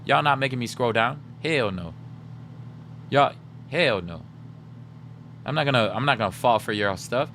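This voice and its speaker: A young man hosting a livestream, chatting casually and teasing his viewers in a joking, animated way. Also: medium pitch, normal speed, pauses often, slight background noise. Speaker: livestream host.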